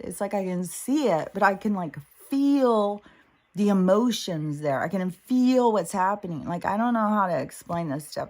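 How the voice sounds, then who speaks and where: A woman's voice: medium pitch, a little mellow. A middle-aged woman hosting a spiritual talk, rambling casually and emotionally, with lots of fillers and frequent swearing. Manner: emotional, meandering, swears freely, many fillers. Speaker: spiritual podcast host.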